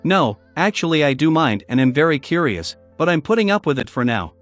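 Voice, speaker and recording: A male narrator voicing a cautious, secretive young male investigator in an audiobook, measured and solemn. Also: on the high side, big pitch swings, faint music behind.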